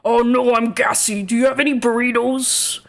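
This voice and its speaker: A woman voicing a dim-witted, gassy male lion-folk warrior from her tabletop game, in a dopey, slow, loud voice. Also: fairly high pitch, level tone, voice pushed up, lightly acted. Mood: goofy.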